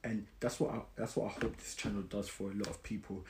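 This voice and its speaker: A man's voice: lowish voice, fairly even intonation, fast. Man, podcast host, motivational monologue, earnest, repeats words, echoey room. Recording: roomy echo with clear background noise.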